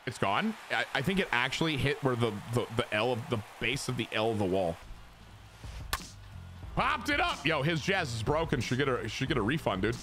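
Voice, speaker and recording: A young man giving joking, excitable commentary on his own gameplay to his chat, with sudden shouts. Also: mid-range voice, normal speed, slight background noise. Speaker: gaming streamer.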